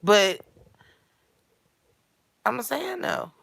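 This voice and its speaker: A woman delivering a blunt, foul-mouthed comedic rant in streetwise slang that builds to shouting. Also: mid-range voice, sing-song, extremely slow, creaky, no room sound. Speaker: character monologue performer.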